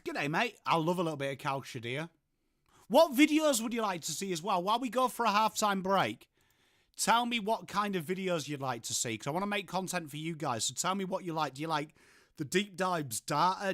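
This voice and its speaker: English male stream host, bright forceful voice, dry close sound, chatty and sweary. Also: a little high, dry recording. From England. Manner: chatty, sweary, reads out and answers chat. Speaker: livestream host. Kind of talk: casual live-stream chat.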